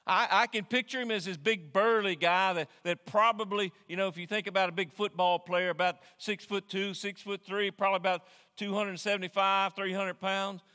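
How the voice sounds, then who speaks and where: Male pastor, lively high sermon voice with a bright edge, long reverb from a big church hall. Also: moderate pace, few pauses. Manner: animated, repeats words while thinking.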